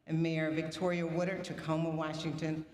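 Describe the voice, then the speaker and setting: A woman announcing a board of trustees, reading names and titles in a steady, measured roll call. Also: deep voice. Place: large banquet hall. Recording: echoey hall with long reverb and faint noise.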